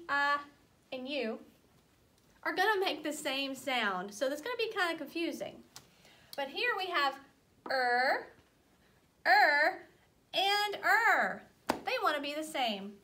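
A young adult woman gives a phonics lesson to small children, and her high voice draws each letter sound out slowly and clearly. Her tone is bright and gentle, and she encourages the children as she goes. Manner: gentle, encouraging teacher talk. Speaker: teacher.

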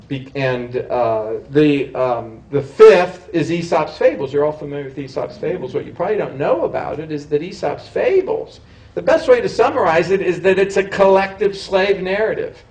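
A history professor gives a public lecture in a roomy hall, recorded by a distant mic. His voice is on the high side and a little mellow, and his talk is discursive, with frequent restarts and self-corrections.

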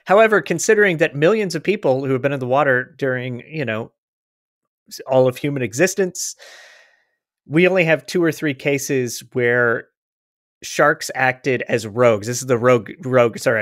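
A man's voice: mid-range voice, normal speed, a bit bright, no room sound. Chatty man podcast host, dry sound. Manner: chatty, laughs easily, restarts. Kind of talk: casual chat, reading a quote aloud.

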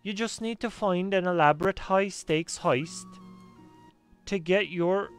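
A man's voice: high voice, a little slow, clear, resonant tone, soft background music, pitched above the performer's own voice. A Canadian man voicing a cheerful adult woman master thief in a video game, reading her lines theatrically. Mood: breezy.

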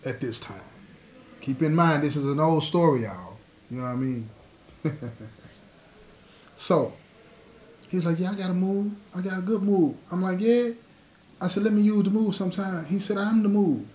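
A man's voice: high-pitched, normal speed, pauses often, a little mellow, a little hiss or hum. A man telling a prison story in a casual, streetwise way, acting out the dialogue and often asking if you follow him. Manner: streetwise storyteller, acts out dialogue, asks "you know what I'm saying". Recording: roomy echo.

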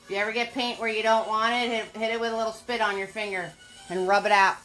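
A woman's voice: fairly high pitch, steady tone, a little fast, sharp tone, soft background music. An older woman giving a live painting lesson, upbeat, chatty and encouraging. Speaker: painting instructor.

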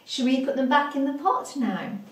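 A woman teaching young children, speaking slowly and clearly and drawing out rhyming words in a sing-song way. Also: sits high, animated, roomy sound. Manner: slow, clear and exaggerated, stretching rhyming words. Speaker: preschool teacher.

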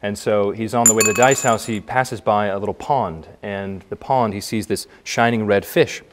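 A man, a magician, telling a story while doing a trick, in a halting way with frequent restarts. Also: on the low side, steady tone.

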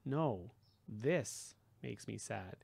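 A man's voice: mid-range voice, normal speed, vocal fry, no room sound, lightly acted. A man voicing Grover, an earnest young satyr. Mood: sad. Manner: mournful, turns indignant. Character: earnest young male satyr, gentle and idealistic.

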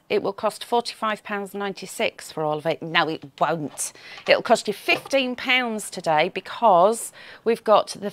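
Female craft-show host, cheerful and teasing, slightly croaky, dry studio sound. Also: medium pitch, no room sound. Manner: chatty, reads viewer comments aloud, teasing and cheerful. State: slight frog in the throat. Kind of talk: live shopping show chat.

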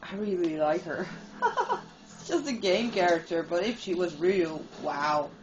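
A woman giving casual, excitable let's-play commentary while she plays, teasing and swearing. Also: lowish voice, moderate pace, dull audio. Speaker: gamer playing and commenting. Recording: game music playing behind.

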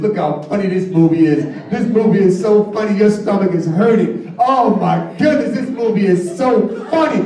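A man working as a stage hypnotist at a live show, talking dramatically and commandingly, dropping to a hushed suggestion and then rising to shouted urging. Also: high voice. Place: large hall with a student audience. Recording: echoey hall, mic heard from far off, crowd noise. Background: audience laughter.

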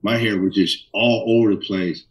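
A middle-aged man from Minnesota, a bassist telling stories in an interview with lively animation. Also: moderate pace, recorded from a distance, poor audio. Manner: animated storyteller, acts out voices in quotes. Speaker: bassist guest. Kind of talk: storytelling interview.

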